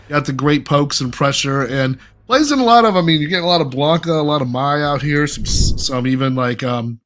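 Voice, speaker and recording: A man's voice: mid-range voice, a bit bright. A man commentating a fighting game tournament as a regular host, hyped and chatty. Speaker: esports commentator.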